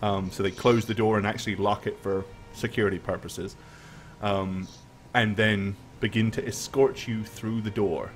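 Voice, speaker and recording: A man running a tabletop game as game master, narrating scenes in a relaxed way and laughing often. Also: fairly low pitch, moderate pace, soft background music. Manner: relaxed, laughing often, thanks stream followers.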